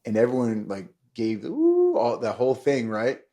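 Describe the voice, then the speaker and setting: A man's voice: lowish voice, fairly even intonation, fairly quick, mellow. A middle-aged man, a former pro football player, telling stories animatedly in casual conversation and laughing as he goes.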